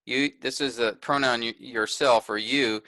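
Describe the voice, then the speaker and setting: A man's voice: mid-range voice, fairly even intonation, unhurried, pushed and bright, no room sound. A man teaching a workshop, explaining marks on a shared screen step by step and correcting himself as he goes. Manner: pointing things out step by step, self-correcting.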